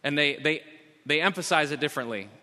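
A man preaching a sermon as pastor, emphatic, slowing down to repeat key phrases. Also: on the high side, pushed and bright. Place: church sanctuary. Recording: long hall reverb.

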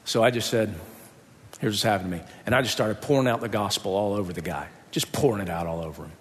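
The voice is fairly low and evenly intoned, moving at a quick pace through a large hall. A man is preaching, sharing a personal story and playing out its characters' voices as he goes.

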